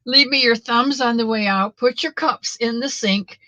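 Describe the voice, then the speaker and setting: This live knitting stream features a middle-aged woman whose voice is a little high, at a moderate pace. The lo-fi recording has no room sound. She talks to viewers casually and earnestly, in a warm, motherly, faith-filled manner.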